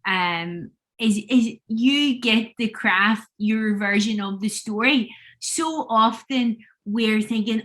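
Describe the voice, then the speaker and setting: A woman's voice: fairly high pitch, slow pace, few pauses, fairly bright tone. Earnest woman facilitator. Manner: earnest, encouraging, speaks from the heart. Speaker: workshop facilitator. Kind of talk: online workshop talk. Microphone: video call.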